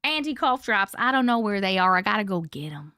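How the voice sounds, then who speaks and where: A woman's voice: mid-range voice, sing-song, a little fast, pushed and bright, clear, resonant tone, no room sound, studio quality. A woman hosting a casual live stream, chatting with viewers in a playful way, laughing often and now and then coughing. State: coughing, needs a cough drop. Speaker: livestream host reading viewer stories.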